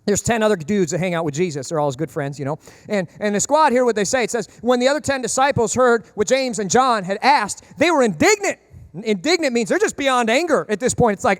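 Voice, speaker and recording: A man preaching a sermon as pastor, animated and jokey, acting out characters in comic voices. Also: sits high, fast, dry recording, clean studio sound.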